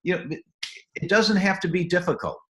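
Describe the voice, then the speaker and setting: High-voiced and fairly bright, he talks at a moderate pace in an echoey space. As a guest doctor in an animated health interview, he eagerly explains habits in sequence and sometimes plays out short scenes with quoted voices.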